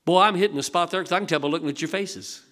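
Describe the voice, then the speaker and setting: A man's voice: high voice, racing, a bit bright. An older man preaching a sermon in a folksy, conversational way, asking the congregation rhetorical questions. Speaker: pastor.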